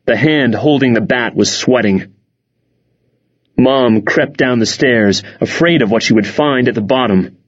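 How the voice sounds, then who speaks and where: A man narrating a first-person story for an audiobook in a measured, tense manner. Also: mid-range voice, highs cut off.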